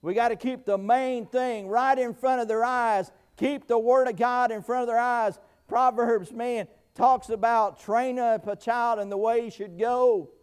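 A middle-aged man preaching a sermon, full of amens, stammered restarts and sudden shouts, pausing short of breath. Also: very high voice, fairly even intonation, clean tone. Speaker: pastor.

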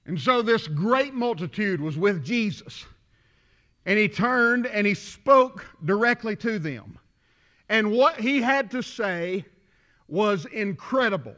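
A man preaching a sermon, talking to the congregation as if in conversation and swinging between loud declaring and quiet asides. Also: sits high, expressive, a little slow. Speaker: pastor. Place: church.

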